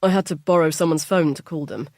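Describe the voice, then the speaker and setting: A defensive, stressed husband, played by a woman narrator in a low voice, clipped and grumbling as he apologises. Dry, close audiobook sound with no room. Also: fast talker, darkish tone, dry recording. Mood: reassuring. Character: stressed young British husband, defensive, irritable.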